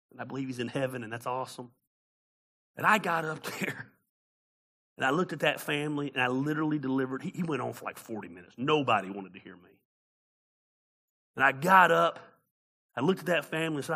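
A male pastor preaching a sermon who stammers and restarts often, swinging between loud, high preaching and quiet storytelling. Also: quick pace, long pauses.

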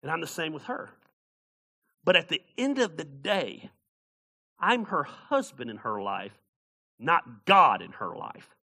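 Pastor, male, bright raised voice, lively sermon with shouted bursts. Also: on the high side, a little slow, creaky, long pauses. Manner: animated, shouting bursts and jokes.

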